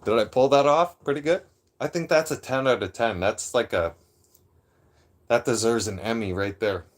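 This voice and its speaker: A middle-aged man, ranting on his live stream. He talks rough and profane, throwing out threats. His voice sits at an ordinary mid pitch for a man. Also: moderate pace. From Toronto, Canada.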